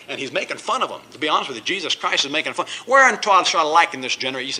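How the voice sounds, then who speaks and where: A man's voice: on the high side, sing-song, very fast, sharp tone, breathy edge, poor audio. A male pastor teaching a verse-by-verse Bible study sermon, reading scripture aloud and then explaining it with emphatic asides.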